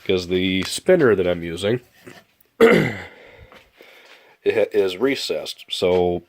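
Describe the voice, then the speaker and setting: A man with a nasal, congested voice, casually explaining his model airplane build in a rambling, relaxed way. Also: deep voice, slow pace, slight background noise. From Michigan. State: stuffed-up nose. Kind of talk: casual build update vlog.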